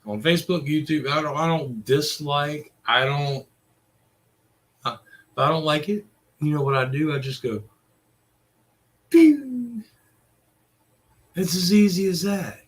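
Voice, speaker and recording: A man's voice: fairly high pitch, normal speed, fairly bright tone. A middle-aged man, ranting casually in a crude, profane, rambling way. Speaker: vlogger.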